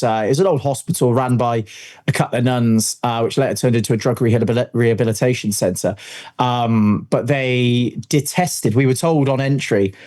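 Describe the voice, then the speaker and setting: A middle-aged British man, a guest paranormal investigator, telling stories in a casual, animated way and swearing freely. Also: medium pitch. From United Kingdom. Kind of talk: casual storytelling chat.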